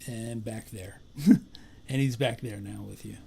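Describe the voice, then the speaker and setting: A man working as a psychic medium, giving an earnest live-stream spirit reading and relaying messages with repetitive, animated bursts. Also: lowish voice, unhurried, creaky, a little hiss or hum.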